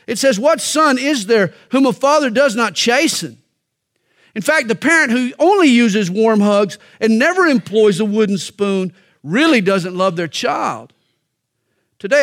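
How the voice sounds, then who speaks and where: A middle-aged male pastor preaching a sermon, emphatic and alliterative, with pointed pauses between phrases. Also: high-pitched, fairly bright tone.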